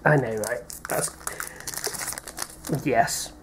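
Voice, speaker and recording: A man's voice: mid-range voice, fairly even intonation, very slow, slight background noise. A British man chatting playfully while opening card packs, reading out names with little laughs. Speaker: card pack opener, co-host. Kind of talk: casual unboxing chat.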